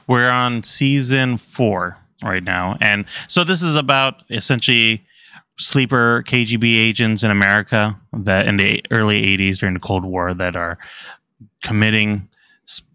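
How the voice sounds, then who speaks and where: A man's voice: on the low side, measured pace, bright, forceful tone, smooth, no echo, studio quality. A man co-hosting a film podcast, chatting casually and rambling with many restarts. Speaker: podcast co-host. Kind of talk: casual chat.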